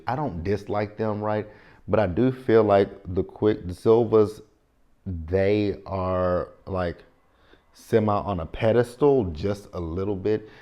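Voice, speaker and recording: In a casual show review, a TV recap vlogger in his thirties with a Southern US accent rambles informally and uses slang. He has a low-pitched, darkish voice, and the highs in the audio are cut off.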